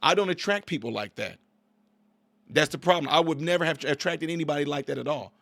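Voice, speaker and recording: A man's voice: fairly high pitch, fairly quick, creaky, a bit bright, dry recording. A man in his forties giving opinionated reaction commentary on a video clip, emphatic and preachy, repeating himself.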